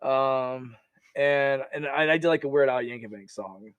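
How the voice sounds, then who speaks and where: A man telling stories from his army service in a casual, animated way, laughing often and restarting his sentences. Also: mid-range voice, unhurried, smooth, dry recording. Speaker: podcast guest, army veteran. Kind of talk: casual storytelling.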